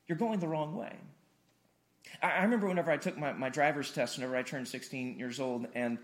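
A male preacher from Missouri delivers a sermon in a church in a chatty, storytelling way. He often repeats himself as he builds emphasis, and his voice sits slightly higher than most men's. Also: fairly quick. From Missouri, USA. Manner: conversational preaching with repeated words and rising emphasis. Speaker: pastor. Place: church hall, streamed online.

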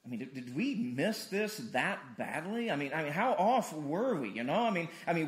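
A man's voice: a little high, big pitch swings, fairly quick, roomy sound. A man preaching a conversational sermon, often repeating words and acting out dialogue. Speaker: pastor.

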